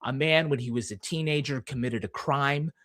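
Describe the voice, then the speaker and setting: A man's voice: medium pitch, moderate pace, a bit bright, dry recording. A man from Massachusetts with a Boston accent, a guest author in casual podcast conversation who tells stories at length and plays along with teasing.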